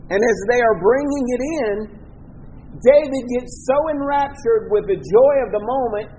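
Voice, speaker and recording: A man's voice: very high-pitched, moderate pace, dark tone, a little hiss or hum, low-quality recording. A male pastor with a Southern American accent, preaching a sermon emphatically, with his voice rising and falling for effect.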